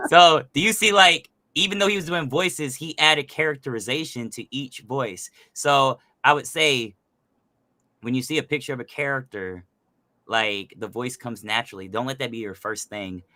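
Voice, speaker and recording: This man has a bright, forceful voice and a very dry, close sound. He talks in an animated, casual way, full of fillers, as a voice actor explaining how to build characters. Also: medium pitch, moderate pace, dry recording. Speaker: voice actor guest. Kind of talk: casual podcast chat.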